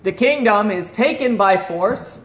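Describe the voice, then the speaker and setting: A man preaching a sermon in an earnest voice that drops to a hush at solemn points. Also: sits high, animated, a little slow, reverberant. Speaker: pastor.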